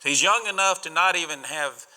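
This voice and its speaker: A man preaching a sermon, retelling a story in a folksy, animated way with paraphrased voices. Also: a little high, brisk. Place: church sanctuary. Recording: church hall reverb.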